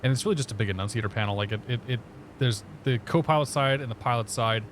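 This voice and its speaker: A man in casual live-stream chat, talking his way through a flight simulator cockpit. His voice sits at an ordinary middle pitch with a faint hiss of noise behind it, and he jokes at his own expense as he goes. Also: fast talker. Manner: chatty, laughing, self-joking.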